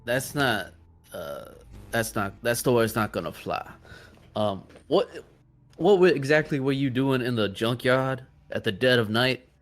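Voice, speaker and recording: A man playing a tabletop game, calmly questioning a captive in character. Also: mid-range voice, unhurried. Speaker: player.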